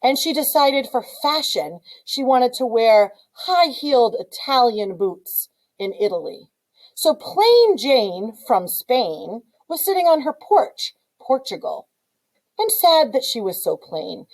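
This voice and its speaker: A woman's voice: medium pitch, poor audio. A middle-aged woman teaching with a playful, punning story, pointing out places on a map as she goes.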